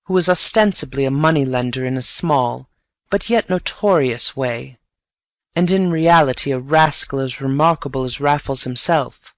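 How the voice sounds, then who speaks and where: A man's voice: mid-range voice, dry recording. Man narrating a story, dry and close. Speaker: audiobook narrator. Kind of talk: scripted story narration for learners.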